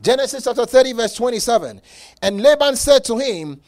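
A man preaching a sermon as pastor, emphatic, with repeated words and dramatic pauses. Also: very high voice, lively intonation.

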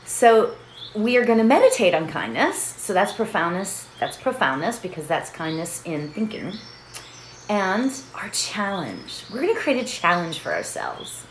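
A woman's voice: mid-range voice, big pitch swings, measured pace. A middle-aged woman hosting a meditation session in a casual, chatty way, laughing often and checking in with her listeners. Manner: chatty, laughs often, keeps asking "right?". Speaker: meditation host. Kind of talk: casual chat leading a meditation. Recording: roomy echo with faint background noise.

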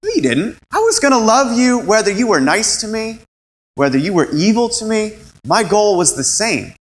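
A man preaching a sermon as a pastor, animated and acting out quoted voices. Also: sits high, moderate pace, poor audio.

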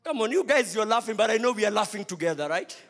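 Male pastor, very high and bright voice, preaching with sudden shouts and hushed drops, music under the sermon. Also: animated, quick pace. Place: church.

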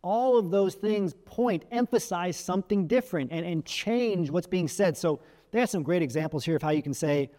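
A career coach gives advice to the camera in a high, lively-sounding male voice at a moderate pace, mellow and carrying a big-room echo. He talks casually, full of asides, frequent "right?" checks and restarts, and demonstrates vocal techniques by shifting emphasis and volume.

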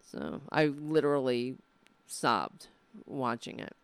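A host winding through a casual livestream chat at an unhurried pace, with a smooth, clean voice. The delivery is earnest and emotional, and the thoughts ramble and restart. The sound is dry and close, with no room around it. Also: medium pitch, sing-song, dry recording.

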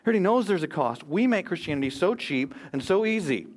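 A man's voice: high-pitched, animated, fast talker. An American man preaching a sermon as pastor, earnest and emphatic, quoting scripture and speeches.

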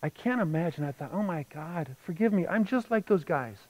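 A middle-aged man preaching a sermon as pastor, telling a personal story with feeling and moving between hushed and loud passages. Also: a little high, expressive, a little fast, low-quality recording.

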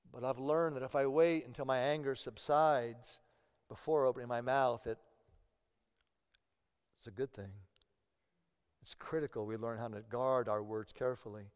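A man's voice: medium pitch, a little mellow, smooth. A man preaching a sermon as pastor, earnest and often repeating words as he presses a point. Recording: long hall reverb.

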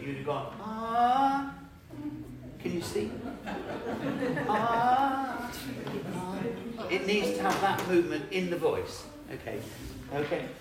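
A man directing a choir, counting the singers in and singing phrases to show them. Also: high voice. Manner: friendly, apologetic, laughs often. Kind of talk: choir rehearsal instruction. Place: rehearsal hall. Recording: echoey room, far from mic, loud choir and piano.

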